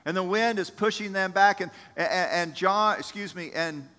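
A male pastor delivers a sermon in a bright, forceful voice. His tone rises and swells as he stresses a point, and he speaks to listeners by name. His words carry a long reverb through a large church sanctuary. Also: high-pitched, normal speed. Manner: animated storytelling, rising with emphasis, addresses congregation by name.

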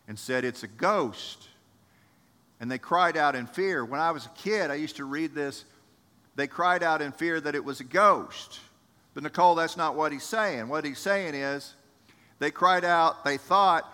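A male pastor delivers a sermon in a bright, forceful voice. His tone rises and swells as he stresses a point, and he speaks to listeners by name. His words carry a long reverb through a large church sanctuary. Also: fairly high pitch, a little slow. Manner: animated storytelling, rising with emphasis, addresses congregation by name.

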